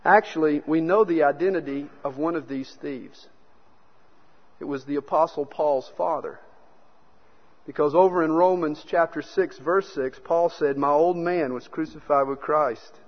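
A man's voice: on the high side, measured pace. A man preaching a sermon, telling stories and acting out the quoted speakers. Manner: storytelling preacher who acts out quotes. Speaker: pastor. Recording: dull sound with long hall reverb.

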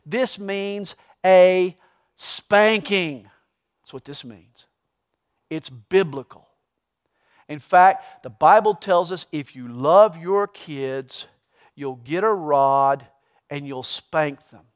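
A man preaching a sermon as a pastor, emphatic, swinging between loud stresses and hushed asides. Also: high-pitched, slow.

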